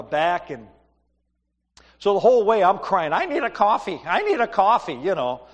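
Storytelling pastor, high voice, reverberant hall. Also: male voice. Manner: storytelling, conversational, animated asides. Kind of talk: sermon.

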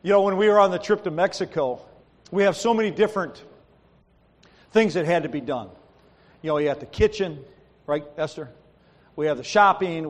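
High-voiced guy pastor preaching, acts out stories, long echoey church reverb. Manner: animated storytelling, acting out quoted people. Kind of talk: sermon. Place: church sanctuary.

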